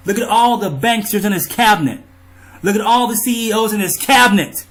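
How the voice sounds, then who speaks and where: Riled-up man ranting, high voice. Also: fairly quick, a bit bright. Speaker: vlogger. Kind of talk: angry monologue to viewers.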